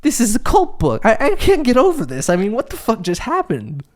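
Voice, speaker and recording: A young man hosting a casual solo podcast, telling stories in an animated, profane, exasperated way. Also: very high-pitched, fairly quick. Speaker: podcast host.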